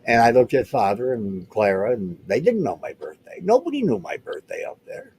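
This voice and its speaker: A man in his seventies, a guest recounting past events, rambles through stories in a casual chat and often restarts his sentences. His medium-pitched, darkish voice swoops wildly in pitch at a normal speed, with slight background noise.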